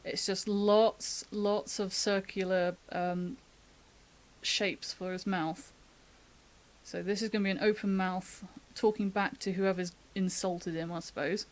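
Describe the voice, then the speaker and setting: A woman talks through a drawing demo in a relaxed, chatty stream. She thinks aloud as she sketches and laughs easily. She is from the UK. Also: medium pitch, unhurried. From United Kingdom. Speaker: artist giving a drawing demo. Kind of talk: casual live-stream drawing tutorial.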